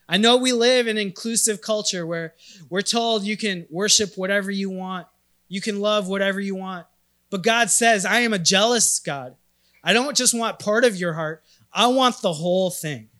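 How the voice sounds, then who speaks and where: A Minnesota pastor in his thirties preaches with a high voice, telling stories animatedly. His loudness swings emphatically as he speaks.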